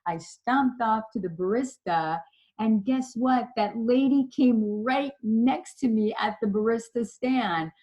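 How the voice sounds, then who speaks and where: A woman leadership trainer giving a slide presentation, telling a personal story in a chatty, animated way. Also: a little high, takes it slowly, highs cut off.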